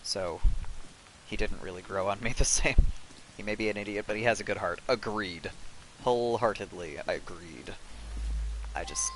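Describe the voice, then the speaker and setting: Low-voiced man rambling on a game stream. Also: moderate pace, long pauses, fairly bright tone, a little hiss or hum. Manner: rambling, swears freely, chats with viewers. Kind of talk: casual live-stream commentary. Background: game music.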